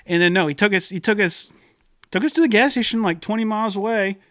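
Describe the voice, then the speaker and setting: With a voice that sits high and a fast delivery, a young man co-hosting a podcast tells a wild story in casual conversation. He's animated, swears, and imitates the people he quotes. It's studio quality with no echo, recorded on a studio podcast mic.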